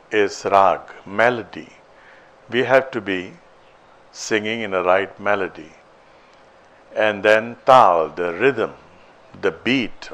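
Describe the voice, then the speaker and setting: A man giving a spiritual talk as a teacher, deliberate and storytelling. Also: fairly low pitch, a bit bright. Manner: slow, deliberate, telling a moral story.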